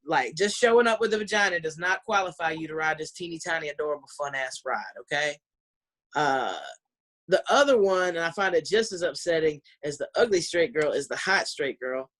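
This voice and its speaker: A woman's voice: sits low, lively intonation, a little fast, fairly bright tone. Brash Southern woman stand-up, ranting and profane, on a video call. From Southern United States. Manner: brash, ranting, profane, laughs between lines. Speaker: stand-up comedian. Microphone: computer mic on a video call.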